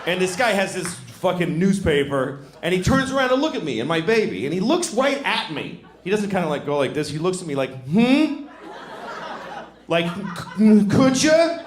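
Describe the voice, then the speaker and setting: A man doing stand-up on a club stage, his voice swinging widely up and down as he riffs with wry exasperation. The club sound is roomy and echoing, with an audience's noise and laughter clearly audible around him. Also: high voice, big pitch swings, brisk, few pauses. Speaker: stand-up comedian. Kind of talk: stand-up comedy set.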